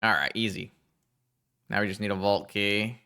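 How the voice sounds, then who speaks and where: Streamer dude chatting to his viewers while he plays, bright crisp voice, gets excited fast. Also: fairly low pitch. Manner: chatty, excitable, thinks aloud and talks to chat. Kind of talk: live-stream gameplay commentary.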